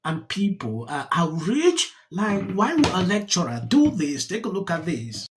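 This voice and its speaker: Narrator with a lively, swooping read. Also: medium pitch, a little slow, background noise. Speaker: news channel narrator. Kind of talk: reading commentary.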